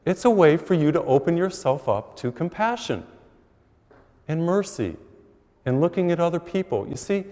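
Middle-aged priest preaching in a reverberant church. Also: male voice, a little high. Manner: animated storytelling with acted quotes. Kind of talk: sermon. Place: large church.

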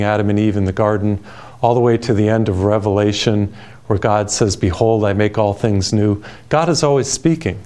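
A male television preacher with a calm, peaceful delivery. He speaks gently and unhurriedly, weaving personal stories into his sermon at a middle pitch. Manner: storytelling with personal anecdotes.

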